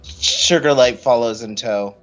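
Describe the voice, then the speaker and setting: A man's voice: mid-range voice, fairly bright tone, soft background music, poor audio. A man playing a tabletop game, describing his character's actions in a descriptive way. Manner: slow, descriptive. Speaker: player.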